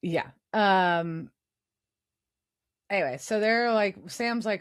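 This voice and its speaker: A woman's voice: mid-range voice, moderate pace. A woman co-hosting a podcast, loosely recapping a TV episode with casual swearing. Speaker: podcast co-host.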